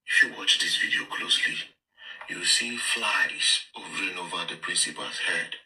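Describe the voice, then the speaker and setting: A man's voice: low-pitched, normal speed, sharp tone. A man giving a blunt, direct recorded video statement. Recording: echoey room, from a distance.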